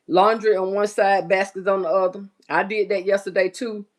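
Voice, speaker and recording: A woman's voice: mid-range voice, steady tone, normal speed. A middle-aged woman hosting a casual livestream, reading out viewer comments and chatting as she cleans and builds baskets. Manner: chatty, reads viewer comments aloud, folksy Southern US speech. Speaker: livestream host.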